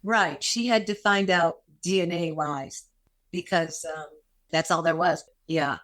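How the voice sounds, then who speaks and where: A woman's voice: fairly low pitch, steady tone, a little slow, fairly bright tone. An older woman, a guest actress, telling a personal story in a podcast interview, emotional and repeating phrases for emphasis.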